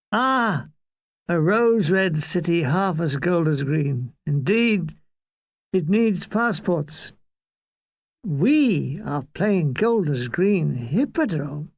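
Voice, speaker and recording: This is memoir narration: an elderly Irish man reading aloud from his own account of the war. His voice sits high, the recording has no echo, and his dry humor comes through in fast asides and mock voices.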